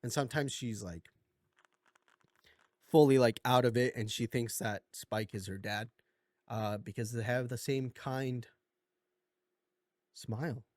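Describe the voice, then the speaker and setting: A man's voice: medium pitch, measured pace, long pauses, no room sound, clean studio sound. A man casually recapping a movie plot for a video essay, rambling with lots of fillers and a slight cough. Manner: rambling, filler-heavy, slips into goofy impressions. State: coughing a bit.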